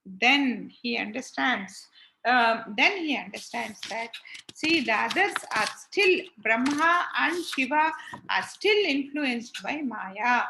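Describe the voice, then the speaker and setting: Bright high-voiced woman storyteller. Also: expressive, slow, gravelly, slight background noise, low-quality recording. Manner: explanatory, conversational. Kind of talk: casual religious storytelling.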